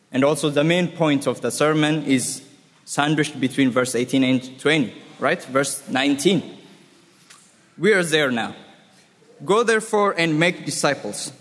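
Male preacher, unhurried sermon delivery, slightly high voice, long hall reverb. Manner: slow, emphatic, repeats key words.

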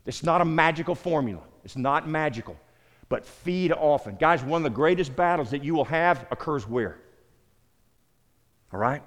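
A middle-aged Southern man preaching in an easy, conversational way, slightly high-voiced for a man. He repeats himself and turns to listeners by name. His voice rings out with a long hall reverb. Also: expressive, normal speed, fairly bright tone. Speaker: pastor. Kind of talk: sermon-style teaching.

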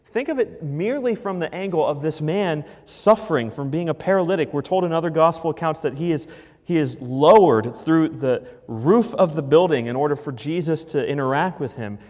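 A man's voice: a little high, expressive, normal speed, darkish tone. Emphatic male pastor with hall reverb. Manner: emphatic, punchy preaching. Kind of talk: sermon. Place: church.

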